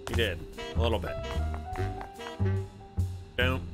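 A man's voice: mid-range voice, takes it slowly. A man streaming a video game, chatting and reading game text aloud, with game music behind. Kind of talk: let's play commentary.

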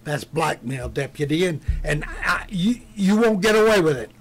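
A man's voice: fairly high pitch, lively intonation, normal speed, breathy edge. A man voicing a brash, greedy, self-righteous peach grower who talks in an indignant, blustering way. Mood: outraged.

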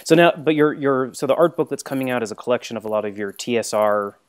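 A man's voice: medium pitch, fast, clear, resonant tone. A man hosting a casual interview, conversational and thinking aloud. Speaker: host.

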